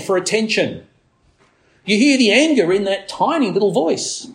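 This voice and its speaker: A man's voice: animated, normal speed. A man preaching a sermon in an earnest tone, who now and then mimics a demanding baby. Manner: earnest preaching, acts out a baby's demands in a shrill voice. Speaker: pastor.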